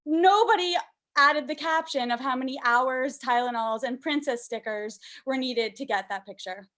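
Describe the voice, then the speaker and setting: Brief: young woman from canada, high voice, stand-up set, self-deprecating, lots of ums. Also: normal speed, fairly bright tone. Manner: self-deprecating, fillers like um, high sing-song put-on voices for baby talk. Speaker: stand-up comedian.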